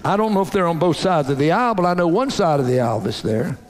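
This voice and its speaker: A man with a high-pitched voice delivers a folksy, animated sermon, teasing and calling out to his congregation. His preaching rings through a church sanctuary with a long, lingering reverb. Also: quick pace. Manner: folksy, animated preaching with audience call-outs. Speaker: pastor.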